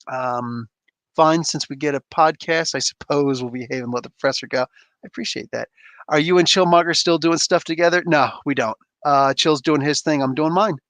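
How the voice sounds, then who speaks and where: A man's voice: a little high, moderate pace, a bit bright, dry recording. A man hosting a livestream, chatting casually and reading viewer comments aloud, often laughing and poking fun at himself. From Canada. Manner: laid-back, laughs often, self-deprecating. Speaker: livestream host.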